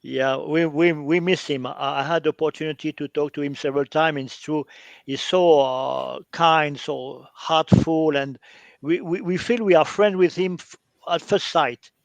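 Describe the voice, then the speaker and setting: A French man, speaking English as a second language with a French accent, hosting an interview in a halting way full of fillers. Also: fairly high pitch, steady tone, vocal fry, dry recording. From France. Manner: halting, with many fillers, hesitations and laughs. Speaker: interview host.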